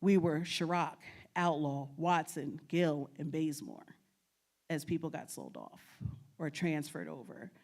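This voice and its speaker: A woman from New York talks to an audience as a guest speaker, telling stories from her family research. Her voice sits on the lower side, and she delivers it in an animated way, laughing often and playing out what her relatives said. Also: unhurried. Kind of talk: storytelling presentation. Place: lecture at a state archives building.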